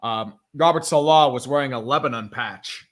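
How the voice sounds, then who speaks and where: A man's voice: mid-range voice, normal speed, a bit bright. A man co-hosting a casual podcast, rambling and hedging, with plenty of swearing. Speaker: podcast co-host. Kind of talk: casual chat.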